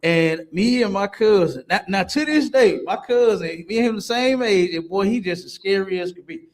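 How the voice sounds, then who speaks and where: Animated high-voiced man telling stories. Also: normal speed. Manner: animated storytelling with street slang. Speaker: podcast co-host. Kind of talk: casual chat.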